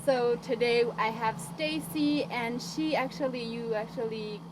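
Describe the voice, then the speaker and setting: A woman's voice: fairly high pitch, a little slow. Friendly young woman radio host. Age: young adult. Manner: friendly, hesitant, many fillers. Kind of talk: casual radio interview. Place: college radio studio. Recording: noisy background.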